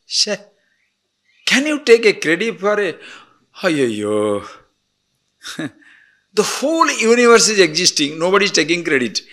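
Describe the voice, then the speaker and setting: Animated older male teacher. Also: unhurried, pauses often. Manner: animated, swings between emphatic highs and soft murmurs, laughs often. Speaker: spiritual teacher. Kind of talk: spiritual discourse.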